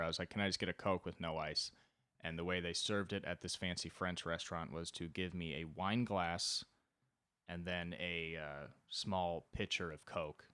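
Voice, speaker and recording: A man's voice: low-pitched, no echo, clean studio sound. A man in his twenties hosting a solo podcast, rambling and self-deprecating, swearing freely as he tells comic stories. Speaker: podcast host. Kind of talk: solo comedic monologue.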